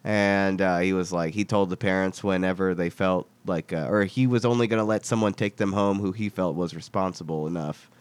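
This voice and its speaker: A young man from Texas telling a story in casual chat, animated and swearing as he acts out the voices of the people in it. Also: low voice, brisk, hardly any pauses, clear, resonant tone, dry recording.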